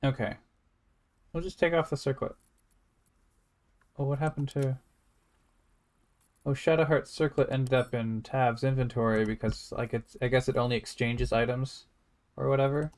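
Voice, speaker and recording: A man's voice: mid-range voice, fairly even intonation, moderate pace, pauses often. A man giving casual, rambling let's-play commentary, thinking aloud in a wry tone. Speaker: gameplay streamer.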